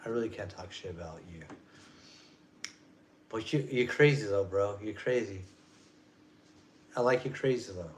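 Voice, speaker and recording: A man's voice: on the low side, normal speed, long pauses, slight background noise. A man in his forties ranting casually on a vlog, rambling and profane, in loose street slang. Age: 40s. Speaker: vlogger. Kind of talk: casual rant.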